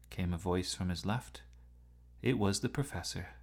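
A man narrating a storybook with an expressive reading style. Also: low-pitched, moderate pace, gravelly, breathy edge.

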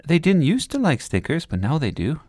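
A cheerful, bossy little girl, as a man reads her lines bounces high and lively through her schemes. She pushes her plans along eagerly, the sound close and dry like a storybook read into a mic. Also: dry recording. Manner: eager, scheming, talks fast to persuade. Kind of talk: storybook reading.

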